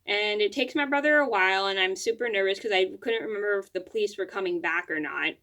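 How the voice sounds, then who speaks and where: A woman's voice: mid-range voice, fast, bright, forceful tone. Rambling woman vlogger telling a story. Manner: rambling, with frequent restarts and filler. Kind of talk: casual storytelling to camera.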